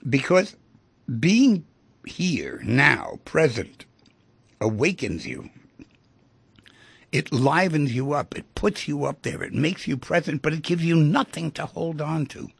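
A man's voice: a little high, animated, measured pace, no echo. A man hosting a radio talk show, speaking reflectively and turning emphatic at times. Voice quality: gravelly, husky voice. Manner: reflective, swings from hushed to emphatic.

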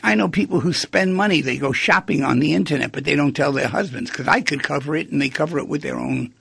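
Gravelly, husky male talk host. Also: on the high side, fast talker, a bit bright, no echo. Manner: musing, asks rhetorical questions, acts out quoted lines. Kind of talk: reflective monologue on relationships.

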